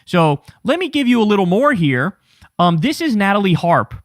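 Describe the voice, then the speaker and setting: A man's voice: high-pitched, sing-song, moderate pace, no echo, clean studio sound. A man hosting an online political commentary show, blunt and sarcastic.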